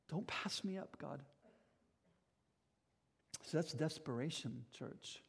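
A man's voice: a little high, lively intonation, takes it slowly, gravelly, long pauses, breathy edge. A man preaching a sermon as pastor, earnest and emphatic, speaking directly to his congregation.

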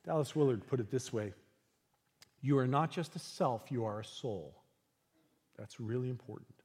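A man preaching a sermon as pastor, earnest and unhurried, dropping into soft, hushed passages. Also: mid-range voice, slightly rough, long reverb tail.

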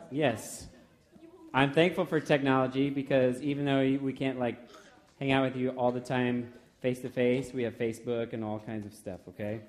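A man's voice: medium pitch, darkish tone. A man leading a youth group in casual, encouraging talk with a playful touch.

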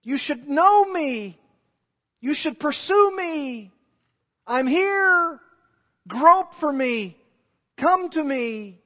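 A preacher voicing God, high and pleading. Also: male voice, lively intonation, very slow, long pauses, pushed and bright, full character voice. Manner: pleading, insistent declarations. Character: God pleading with mankind, commanding and insistent. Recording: dull recording with long hall reverb.

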